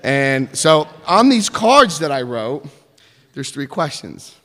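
A man telling a personal story in an animated way, acting out the voices of others. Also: fairly high pitch, slow, big-room sound.

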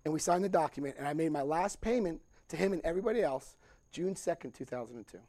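A middle-aged man tells his recovery story with lively energy, often acting out other voices and laughing. His voice sits high with a gravelly edge. The sound is dry and close. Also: quick pace, dry recording. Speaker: recovery speaker. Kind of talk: personal recovery talk.

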